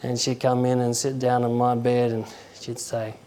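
Man, conversational preacher, halting delivery, acts out stories. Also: medium pitch, completely flat delivery, mellow, slight background noise. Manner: conversational, halting, with chuckles and acted quotes. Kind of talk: informal sermon.

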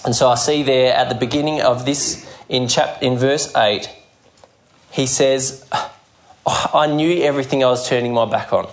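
A man preaching a sermon, earnest and measured, acting out the scripture scenes he tells. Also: mid-range voice, fairly even intonation. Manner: earnest, measured preaching with dramatic quoted voices. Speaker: pastor.

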